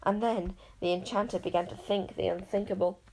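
Expressive woman reading a fantasy storybook. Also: medium pitch, fairly quick, a little hiss or hum, poor audio. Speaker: audiobook narrator. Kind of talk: storybook narration.

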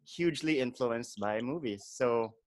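A male podcast host opens his show in a loose, chatty way, dropping fillers and breaking into laughter. His voice sits at a middle pitch, and he talks to his guest over a webcam call. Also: measured pace, a little mellow. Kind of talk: casual podcast chat.

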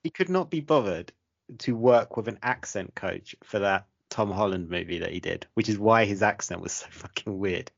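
A man's voice: fairly low pitch, moderate pace, vocal fry. A man chatting casually on a podcast, dry and blunt with firm opinions. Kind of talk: casual chat. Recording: dull lo-fi sound.

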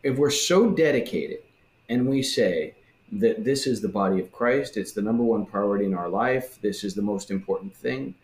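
A man in a casual religious discussion who talks in an animated way and acts out the voices he quotes. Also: fairly low pitch, moderate pace. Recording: roomy echo.

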